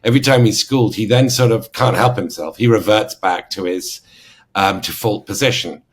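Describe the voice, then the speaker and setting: Brief: male panelist, English accent, very low husky voice, measured. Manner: measured, analytical, hesitant fillers. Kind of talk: podcast discussion.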